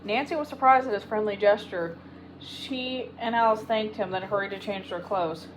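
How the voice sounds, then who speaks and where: A woman's voice: medium pitch, normal speed, a little hiss or hum, poor audio. Woman reading a storybook aloud. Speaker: audiobook reader. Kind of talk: storybook narration.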